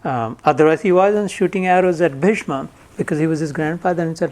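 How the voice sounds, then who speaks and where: A man's voice: a little high, a little fast, hardly any pauses, darkish tone. Man explaining scripture word by word. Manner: conversational, explains Sanskrit verses word by word. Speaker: Gita teacher. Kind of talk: spiritual lecture to a live audience.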